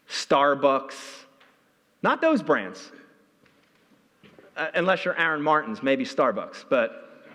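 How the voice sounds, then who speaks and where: A man giving a conference talk, telling a story with energy, and his voice jumps high when he gets excited. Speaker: keynote speaker. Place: large hall. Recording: reverberant hall.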